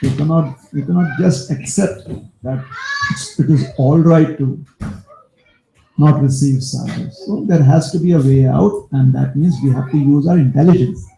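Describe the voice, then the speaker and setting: A male preacher telling a devotional story in a sermon, as an animated storyteller who turns aside to talk to his listeners. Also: on the high side, normal speed, creaky. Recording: echoey room.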